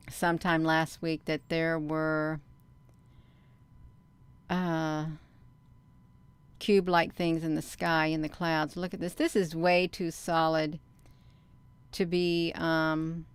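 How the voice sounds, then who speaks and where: A woman with a low, very smooth and resonant voice talks casually to her viewers about her footage. She rambles and stops herself often, full of fillers and restarts. The sound is dry and close, with no room around it. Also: no room sound. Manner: talks straight to viewers as "you all". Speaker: vlogger. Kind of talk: casual commentary while showing her own sky footage.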